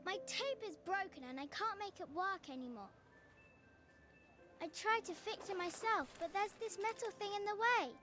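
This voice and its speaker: A woman's voice: extremely high pitch, lively intonation, normal speed, over music, voice pushed up. An earnest seven-year-old girl. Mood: pleading. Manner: eager, pleading questions. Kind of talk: game voice-acting while streaming.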